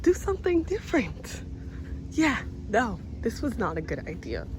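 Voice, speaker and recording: A woman's voice: a little high, sing-song, moderate pace. Woman vlogger, nervous chatty talk to camera, outdoor nature trail, handheld phone, faint background noise. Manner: nervous, chatty, addresses viewers directly. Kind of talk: casual vlog talk to camera.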